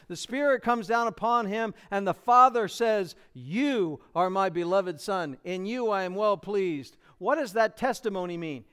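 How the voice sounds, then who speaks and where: High-voiced American pastor preaching. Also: male voice, a bit bright, clean tone. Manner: earnest expository preaching, acting out quotes. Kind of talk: sermon.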